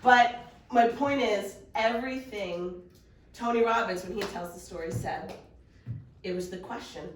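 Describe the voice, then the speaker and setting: A middle-aged woman, a mindset coach, tells a story to a live workshop audience with fast, animated energy and laughter, her voice medium in pitch. The room is echoey, she sounds distant from the mic, and a faint hum sits underneath.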